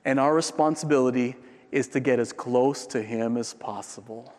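A man preaching a sermon in a conversational way, tossing in "right?" and swinging from loud peaks down to a near-whisper. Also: mid-range voice, normal speed, in a large hall. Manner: frequent tag question "right?". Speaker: pastor.

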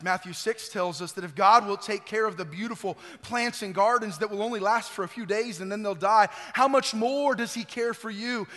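A male pastor preaching an Easter sermon, swelling to loud emphasis and dropping to quiet, recorded in a church sanctuary. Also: sits high. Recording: church hall reverb.

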